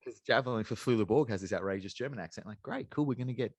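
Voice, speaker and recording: A man's voice: medium pitch, fast, darkish tone, no room sound. A man co-hosting a podcast in casual chat, rambling and thinking aloud as he goes. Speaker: podcast co-host.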